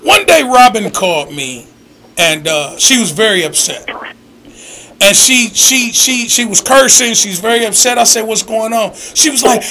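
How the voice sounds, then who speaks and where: A man hosting a call-in radio show, talking in a high, gravelly voice. He tells his stories with lots of emphasis and sometimes shouts. His tone is bright and forceful. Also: a little slow, a little hiss or hum. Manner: animated, emphatic storytelling, bursts of shouting. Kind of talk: casual call-in chat.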